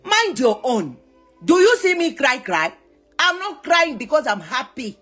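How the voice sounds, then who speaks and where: Zambian woman ranting on her vlog, high swooping voice, faint music behind. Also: sing-song, a little slow, fairly bright tone. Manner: scolding, switches between English and local words, mocking repeats. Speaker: social media influencer. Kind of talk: heated vlog rant.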